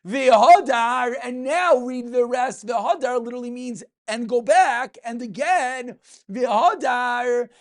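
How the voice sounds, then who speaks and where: A rabbi gives an animated Talmud lesson, his voice rising and falling widely. He keeps asking his listeners questions, answers them himself, and goes back over each point. He speaks in the sing-song cadence of the study hall. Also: very high-pitched. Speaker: rabbi teaching a daily Talmud class.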